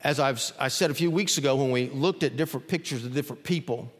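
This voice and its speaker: Quick-paced and mid-range, a pastor's voice echoes with the long reverb of the church sanctuary. His sermon is full of animated stories in which he imitates the people he quotes.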